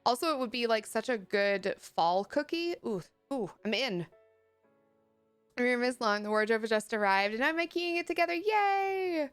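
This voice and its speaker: Chatty young woman streamer, reads chat and laughs easily, higher voice, faint background music. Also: animated, moderate pace, fairly bright tone, clear, resonant tone. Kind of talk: casual live-stream chat.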